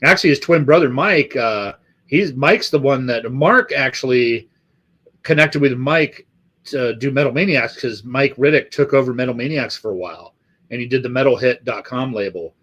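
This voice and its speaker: A man's voice: mid-range voice, normal speed, a bit bright. A middle-aged man from the Los Angeles area hosting a live stream, chatting casually with viewers in a rambling, profane way full of fillers.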